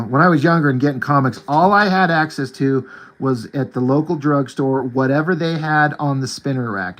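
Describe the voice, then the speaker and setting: A man in his forties hosting his own art channel, chatting casually and with enthusiasm about movies and comics, rambling and saying "like" a lot. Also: medium pitch. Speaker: artist and channel host.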